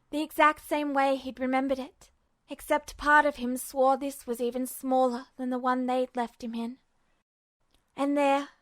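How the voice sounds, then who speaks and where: Brief: woman podfic narrator, bright high register, emotional delivery, close dry recording. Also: no echo. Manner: tense, emotional storytelling. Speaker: podfic reader. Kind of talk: scripted narration of fanfiction.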